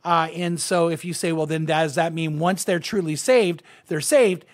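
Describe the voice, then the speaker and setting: A man's voice: fairly high pitch, moderate pace. A man preaching a sermon as pastor, earnest and emphatic, often restarting his sentences with fillers.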